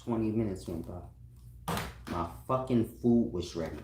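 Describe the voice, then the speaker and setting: A man's voice: sits low, moderate pace, long pauses, crowd noise. A man talking in a loose, rambling, profane monologue, laughing often. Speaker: online commentator. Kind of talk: casual monologue. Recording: roomy echo.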